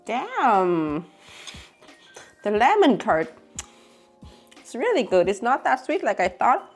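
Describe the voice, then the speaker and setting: A woman's voice: a little high, huge pitch swings, slow, faint music behind. A young woman, chatting casually and giggling as she tastes food for her vlog. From Vietnam. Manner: giggly, chatty, non-native phrasing. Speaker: vlogger.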